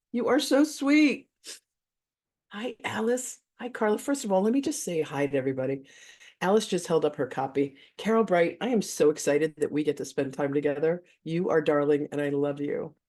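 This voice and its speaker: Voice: mid-range voice, a little mellow. A host of a live online spiritual gathering telling a story in a casual, gushing way. They chuckle often and swear casually. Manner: effusive, gushing, cusses casually.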